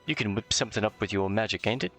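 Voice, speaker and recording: A man's voice: on the low side, fast talker, bright, forceful tone, soft background music. A man doing Drippy, a cheeky fairy. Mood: chummy. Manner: chummy, slangy, exclaiming. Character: cheeky little male fairy sidekick.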